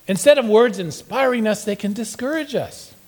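A man's voice: high voice, moderate pace, darkish tone. A middle-aged man preaching a humorous sermon in church, telling playful stories and acting out quotes. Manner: playful storytelling, acts out quotes. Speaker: pastor. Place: church sanctuary.

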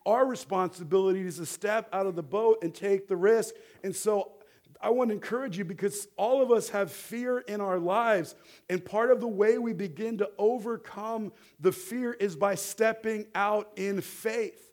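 A middle-aged man preaching a sermon as a rabbi, animated and building toward fervent exhortation, leading the congregation to repeat words back. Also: sits high, moderate pace. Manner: animated, rising to near-shouting exhortation; leads the congregation in call-and-response.

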